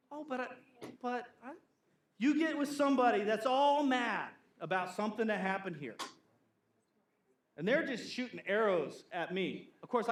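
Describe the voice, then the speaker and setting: A man preaching a sermon as pastor, animated and playful, acting out gossiping church members in funny voices. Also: high voice, roomy sound.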